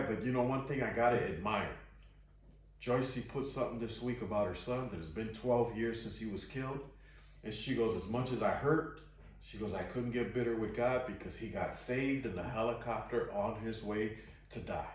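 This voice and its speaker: A man's voice: lowish voice, moderate pace. A man leading an informal Bible study, talking earnestly and reading scripture aloud with emphasis. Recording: very echoey room.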